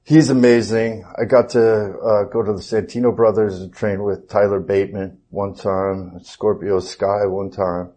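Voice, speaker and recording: A man's voice: fairly low pitch, little pitch movement, unhurried, hardly any pauses, warm tone. A man being interviewed, chatting casually and telling stories with easy laughter. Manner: laid-back, laughing, chatty storyteller. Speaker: guest, actor.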